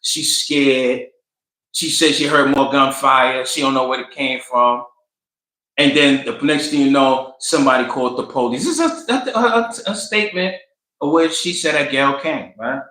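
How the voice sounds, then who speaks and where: A man with a bright, forceful voice talks through a story in casual commentary, loose and colloquial, slipping into the voices of the people he quotes. His voice rings around an echoey room. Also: mid-range voice, normal speed. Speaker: commentary host.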